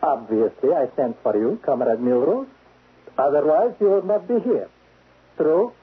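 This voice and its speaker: In a 1970s radio drama, a man voices a cold, menacing foreign spy chief who is stern and sarcastic, his tone icy. His voice is on the high side, expressive, unhurried and slightly rough, a full character performance. The recording is lo-fi and narrow-band.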